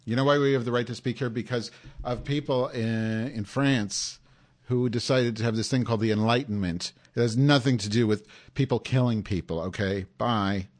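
Brief: male stream host, mid-pitched, excitable and sarcastic, headset mic, comic live chat. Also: normal speed. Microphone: headphones with mic.

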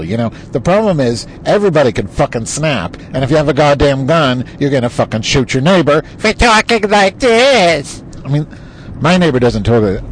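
A man talking to his recorder while he drives, rambling and ranting with lots of swearing. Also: medium pitch. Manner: profane, rambling, heated political ranting. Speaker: vlogger. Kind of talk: driving vlog rant. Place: inside a moving car. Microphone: recording device in the car. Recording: car noise in the background.

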